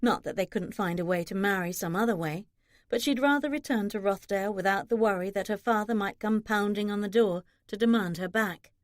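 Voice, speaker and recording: A woman's voice: brisk, no room sound, clean studio sound. A woman narrating a historical romance audiobook, giving characters light shifts in voice. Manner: expressive, shifts pitch for characters.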